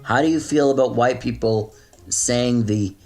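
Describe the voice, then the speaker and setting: A man's voice: mid-range voice, measured pace, darkish tone, natural voice. A man in a played clip, acting as a self-important young online "captain" who lectures and complains. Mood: lecturing. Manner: pompous, stiff, lecturing, complaining of being pissed off. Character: self-serious young male online "captain" of a chat platoon, touchy and easily angered.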